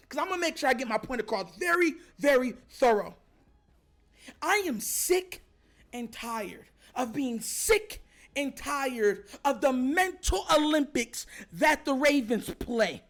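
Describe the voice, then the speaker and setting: High-voiced fired-up sports rant host. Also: male voice, sing-song, unhurried, soft background music. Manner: fired-up, shouting, repetitive emphatic. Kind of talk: heated sports commentary rant.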